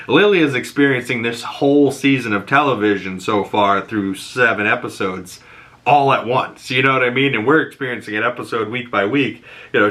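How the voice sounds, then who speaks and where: Male host, lively recap talker, bright forward tone, acts out the scenes. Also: medium pitch. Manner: animated, acts out character lines in voices, laughs often. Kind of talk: casual TV episode recap.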